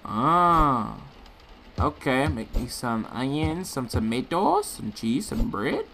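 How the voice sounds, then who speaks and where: A man's voice: mid-range voice, very animated, slow, bright, forceful tone, slight background noise. A man hosting a gaming channel, commentating a let's play and trash-talking the game character. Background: game music.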